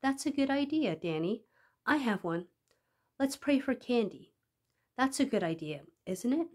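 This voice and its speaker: A woman's voice: a little high, very animated, measured pace. A woman reading the part of a manipulative young teacher who talks to children in a sweet, coaxing, persuasive way. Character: smooth-talking manipulative young female teacher.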